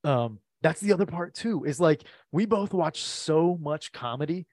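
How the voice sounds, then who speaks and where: A man co-hosting a sports podcast who laughs easily and talks in halting starts. His voice is a little higher than most men's. The sound is dry and close-miked. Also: lively intonation, darkish tone, dry recording. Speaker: podcast co-host. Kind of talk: casual sports chat.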